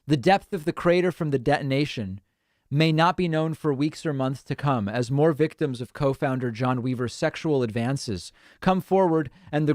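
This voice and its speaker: A man's voice: on the high side, darkish tone, no room sound. Male live-stream host, casual, wry asides while reading chat aloud, dry close sound. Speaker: political talk show host.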